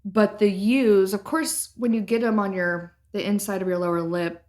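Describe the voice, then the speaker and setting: A woman co-hosting a podcast among dental hygienists, telling a patient story in relaxed casual chat and laughing along. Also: mid-range voice, moderate pace. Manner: relaxed storyteller, laughs at her own stories.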